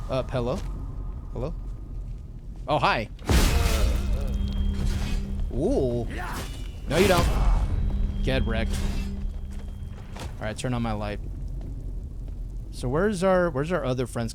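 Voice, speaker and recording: A man's voice: medium pitch, animated, a little slow, pauses often, over music. A young man streaming a video game, chatting casually and slangily with viewers, swearing and reacting to the game. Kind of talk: live gameplay commentary.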